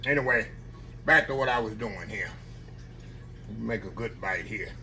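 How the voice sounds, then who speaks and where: Bright-voiced man tasting his meal. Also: lowish voice, animated, unhurried, slight background noise. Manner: folksy, says y'all often, savoring aloud. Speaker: cooking channel host. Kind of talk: casual eating vlog. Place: home kitchen. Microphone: camera on a tripod.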